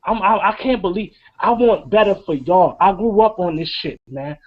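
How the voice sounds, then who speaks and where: Impassioned high-voiced man ranting. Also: normal speed. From New York. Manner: emphatic, profane, preaching. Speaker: co-host of a wrestling review show. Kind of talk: impassioned rant. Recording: dull lo-fi sound.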